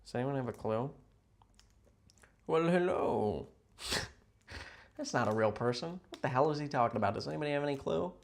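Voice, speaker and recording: A man chatting casually with viewers on a livestream from a hotel room, rambling, playful and sarcastic, jumping between loud outbursts and mutters. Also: medium pitch, rapid-fire, creaky, few pauses. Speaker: livestream host.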